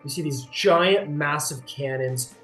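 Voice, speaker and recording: Guy running a tabletop game, bit high voice, rambly with lots of ums, echoey room and faint music. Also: measured pace, a bit bright. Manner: loose, rambling narration with many fillers. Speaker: game master. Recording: roomy sound with faint music.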